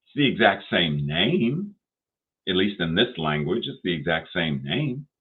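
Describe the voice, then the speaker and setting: A man giving a sermon, deliberate and repetitive, asking rhetorical questions. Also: deep voice, big pitch swings, slightly rough. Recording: tinny phone-like sound.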